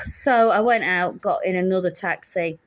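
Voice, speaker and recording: A woman in her fifties recounts a nerve-racking ordeal in an easy, chatty way. Her humour is dry and self-mocking, and she acts out the dialogue as she goes. Her voice sits at an ordinary middle pitch. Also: unhurried. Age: 50s. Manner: candid, wry, acts out the dialogue. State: shaken, stressed. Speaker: vlogger. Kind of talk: casual storytelling.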